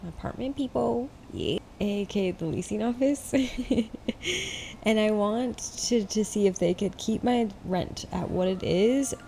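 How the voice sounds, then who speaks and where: A woman hosting a podcast in relaxed, rambling casual chat, a bit tired and high, full of fillers. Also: unhurried, vocal fry, slight background noise. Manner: laid-back, rambling, many fillers. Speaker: podcast host.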